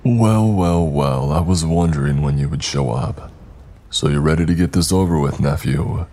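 Dude playing an evil gloating santa, mocking, dark and low. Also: male voice, normal speed. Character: villainous male Santa, gloating and vengeful.

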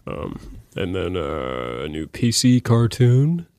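A man's voice: low-pitched, sing-song, takes it slowly, a little mellow, no room sound. Laid-back man, dry close sound. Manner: laid-back, hesitant fillers. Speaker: podcast co-host. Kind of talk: casual chat.

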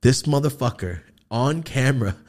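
Animated, swearing man telling funny stories. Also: medium pitch, normal speed. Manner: profane, animated, laughs often while telling stories. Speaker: podcast host. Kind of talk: casual comedic storytelling.

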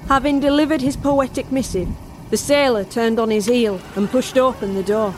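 A woman's voice: a little high, normal speed, slight background noise, close to an everyday voice. A woman narrating a first-person horror tale as a barmaid in an audio drama. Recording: music score underneath.

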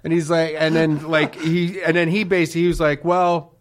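A man's voice: a little high, flat delivery, a little fast. Profane man telling comic stories. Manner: profane, acts out people in quotes, loud bursts of mock yelling. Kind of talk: comedic storytelling on a podcast.

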